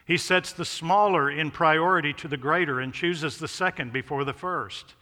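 A man's voice: fairly high pitch, moderate pace, pushed and bright. A man preaching an expository sermon, stressing contrasts with rising emphasis. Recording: long hall reverb.

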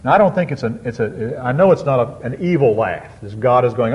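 A man preaching a sermon on a psalm, reading scripture slowly and drawing out key words with emphatic swings. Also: medium pitch, expressive. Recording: dull lo-fi sound.

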